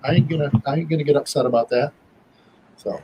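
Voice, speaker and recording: A man's voice: fairly high pitch, fairly even intonation, quick pace, background noise. A man talking as a guest on a show, in a folksy, rambling way with many fillers and restarts. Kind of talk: casual chat.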